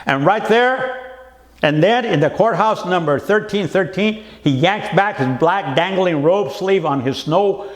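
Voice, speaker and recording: Guy doing a street-slang poetry monologue, high voice, echoey room. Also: animated, measured pace. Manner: streetwise slang, swift shifts of voice. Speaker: poet performing a monologue. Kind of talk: dramatic spoken-word monologue.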